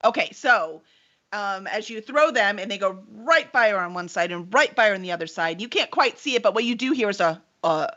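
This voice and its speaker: Lively woman game master, lo-fi audio. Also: mid-range voice. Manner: lively, laughs often, quick asides. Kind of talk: running a tabletop game, casual.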